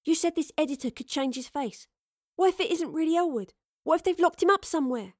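A woman's voice: lively intonation, a little fast, no echo, clean studio sound. A woman doing a nervous stammering young officer. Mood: anxious. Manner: high, stammering, anxious. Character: anxious young female officer, unsure. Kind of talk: audio drama reading.

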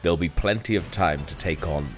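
A man's voice: low voice, brisk, soft background music. A man in casual, laughing banter as a player in a tabletop podcast game, swearing loosely.

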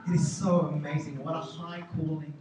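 A male pastor preaching a sermon with animated storytelling and self-mocking humor, in a large church hall. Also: a little high, moderate pace. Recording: echoey hall, distant mic, noisy.

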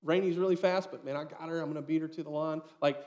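A man in his thirties preaching a sermon, telling a story with lively acted-out dialogue. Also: fairly high pitch, fast talker, dull audio. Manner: storytelling, animated, acts out quoted dialogue. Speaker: pastor.

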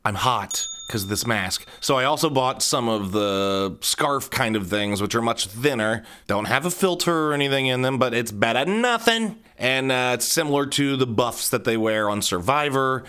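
A man's voice: mid-range voice, expressive, moderate pace, hardly any pauses, pushed and bright, clean tone. A man from central Ohio hosting his own podcast, rambling through a casual solo monologue full of self-mocking, jokey asides. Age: adult. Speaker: podcast host.

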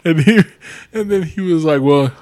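A man's voice: medium pitch, moderate pace. A man co-hosting a podcast in casual chat, cracking jokes and laughing often. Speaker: podcast co-host.

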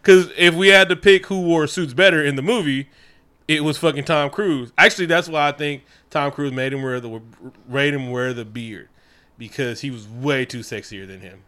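A man co-hosting a casual movie recap chat, animated and profane, acting out characters' lines. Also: fairly high pitch, normal speed. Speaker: podcast co-host.

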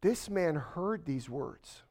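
A man preaching a sermon to a congregation, dropping to a hush and then building to slow, emphatic lines. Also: on the high side, lively intonation. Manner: swings from hushed to emphatic, slows for stress. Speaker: pastor.

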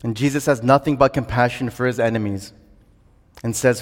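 A male preacher delivers an earnest sermon in a middle-pitched voice. He builds steadily toward emphatic, ringing declarations. A long hall reverb trails his words. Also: steady tone, brisk.

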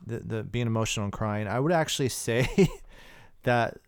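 A man co-hosting a podcast, chatting casually about movies in a relaxed, rambling way with some swearing. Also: on the low side, moderate pace, creaky, clear, resonant tone, no echo, clean studio sound. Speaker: podcast co-host. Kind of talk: casual movie-review chat.

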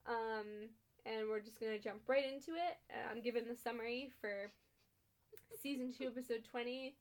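A woman's voice: fairly high pitch, moderate pace. A young woman co-hosting a podcast, recapping a TV episode in casual chat with frequent ums, laughs and blunt swearing. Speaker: podcast co-host.

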